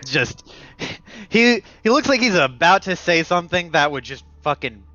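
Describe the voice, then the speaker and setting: A man's voice: high voice, big pitch swings, unhurried, bright, forceful tone, no room sound. A man narrating as game master of a tabletop role-playing game, casual and rambling. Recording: dull lo-fi stream mic.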